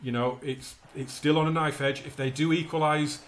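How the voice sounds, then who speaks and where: Excitable man commentating a game. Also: fairly high pitch, normal speed, slight background noise. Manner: excitable, commentates like a match caller, frets aloud. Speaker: gaming YouTuber playing a football management game.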